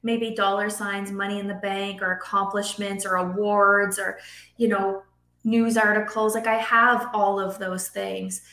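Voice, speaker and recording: Bright-voiced woman in an echoey room. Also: medium pitch. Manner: animated, acts out quotes in raised voice. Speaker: podcast guest, entrepreneur. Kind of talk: casual interview chat.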